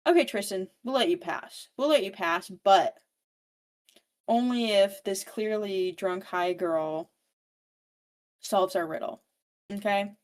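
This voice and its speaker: A woman's voice: mid-range voice, slow, long pauses, lightly acted. Grumpy monsters from under a bridge bark rude, bossy orders, as a woman puts them on in her own voice. They sound hostile and profane.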